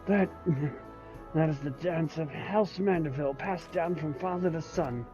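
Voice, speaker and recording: Guy reading as a puffed-up gentleman detective from a game, grand and old-fashioned, bit high. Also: measured pace, highs cut off, over music, lightly acted. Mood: theatrical. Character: pompous bumbling gentleman inspector, adult male. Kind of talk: reading game dialogue aloud in character.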